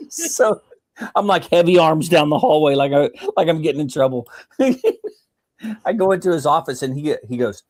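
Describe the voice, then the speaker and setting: A man telling service stories in a casual chat, animated and often laughing. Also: a little high, moderate pace, pauses often. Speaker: military veteran guest.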